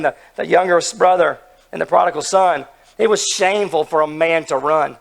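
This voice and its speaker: A hoarse man preaching an earnest, emphatic sermon, asking his listeners questions as he retells a story. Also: sits high. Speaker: pastor.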